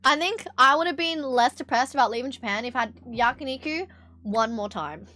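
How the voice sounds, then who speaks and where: A woman's voice: high voice, animated, a little fast, bright, forceful tone. An Australian woman streaming live, chatting casually with her chat, swearing freely and laughing often.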